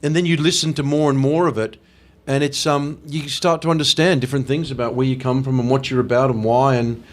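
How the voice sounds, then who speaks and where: An Australian man chatting as an interview guest, enthusiastic and quick to laugh. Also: medium pitch, little pitch movement. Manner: enthusiastic, laughs often, breaks into playful impressions. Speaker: guest actor. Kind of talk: casual interview chat.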